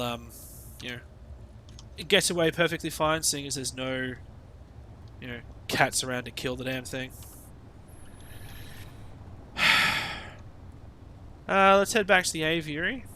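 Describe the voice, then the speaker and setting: A man's voice: medium pitch, pushed and bright, slight background noise. An Australian man chatting casually over his gameplay stream, rambling and swearing with sarcastic asides.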